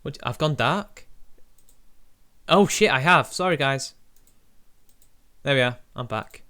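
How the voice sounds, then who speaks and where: A man's voice: on the high side, slow, long pauses, a bit bright, clear, resonant tone. A young man, chatting on a live stream in a mocking, crude, laughing way. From Britain. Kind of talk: casual live-stream commentary.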